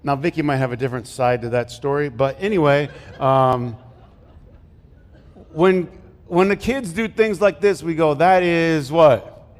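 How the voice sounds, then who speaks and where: A middle-aged man preaches in a casual, joking way, asking the congregation questions as he goes. His voice sits a bit high for a man. Long reverb from the church hall trails after his words. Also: moderate pace. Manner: conversational, jokey, asks the congregation questions. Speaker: pastor. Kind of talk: sermon.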